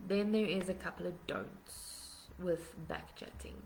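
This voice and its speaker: Low-voiced woman teaching parents. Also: steady tone, a little slow, creaky, a little mellow, a little hiss or hum, low-quality recording. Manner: earnest, explanatory, steps through numbered points. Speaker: parenting workshop host. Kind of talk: live-streamed parenting workshop. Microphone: webcam or phone on a live stream.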